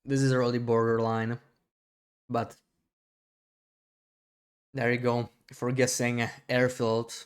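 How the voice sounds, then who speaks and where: A man's voice: mid-range voice, slow pace, pauses often, clear, resonant tone. Laid-back male game streamer. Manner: relaxed, chatty, laughs easily. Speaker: livestream host. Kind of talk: casual game stream chat.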